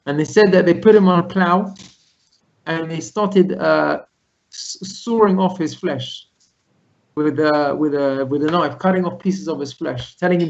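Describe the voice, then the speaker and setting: Animated rabbi telling a story over a call. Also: male voice, on the high side, moderate pace. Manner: animated retelling, voicing characters' lines. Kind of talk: storytelling Torah lesson. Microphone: video call. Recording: lo-fi video call audio.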